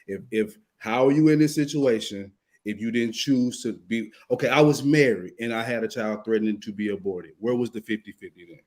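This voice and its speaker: A man on a discussion panel, defensive and pushing back, his voice dropping low when he argues. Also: fairly quick, hardly any pauses, darkish tone.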